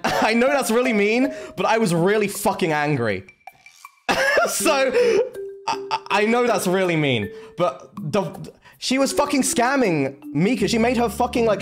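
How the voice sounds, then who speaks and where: A man's voice: high-pitched, a little slow. A young man streaming, telling a story casually with lots of swearing and restarts. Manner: animated, heavy swearing, lots of fillers and restarts. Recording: music playing behind.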